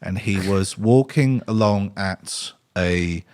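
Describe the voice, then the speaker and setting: A man's voice: fairly low pitch, takes it slowly, clear, resonant tone. A man, a podcast guest chatting casually and acting out his stories with frequent laughs. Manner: animated storyteller, acts out scenes, laughs often.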